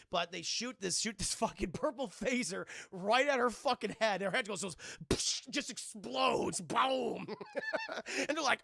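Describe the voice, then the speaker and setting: Man, high gravelly voice, excitable profane film recap, dry close sound. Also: no room sound. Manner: excitable, profane, shouts out characters' lines. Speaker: film reviewer streaming to chat. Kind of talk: animated scene-by-scene film recap.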